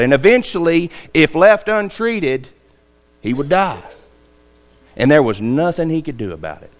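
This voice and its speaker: A man preaching a sermon, retelling scripture stories, acting out the quotes and asking rhetorical questions, swinging from loud lines to hushed ones. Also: on the high side.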